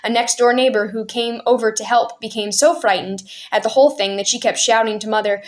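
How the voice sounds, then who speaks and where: A woman reading a family memoir aloud in a steady, clear storyteller's voice. Her pitch sits a little high and she carries the narration smoothly between the characters' lines. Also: brisk, hardly any pauses. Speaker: storyteller aunt.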